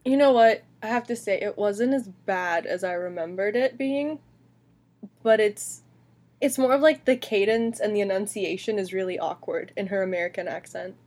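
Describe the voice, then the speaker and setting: A woman's voice: mid-range voice, normal speed, a little mellow. A woman co-hosting a casual film podcast, frank and opinionated. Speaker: podcast co-host. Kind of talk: casual film-review chat.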